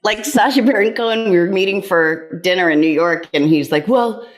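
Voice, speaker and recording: A woman guesting on a comedy podcast, chatty and rambling with quick asides. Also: fairly low pitch, steady tone. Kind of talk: casual comedic chat.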